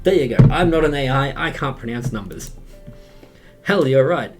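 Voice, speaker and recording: A man's voice: medium pitch, expressive, a little fast, over loud music. An Australian man streaming a game live, reading along and chatting playfully. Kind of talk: casual live-stream chat.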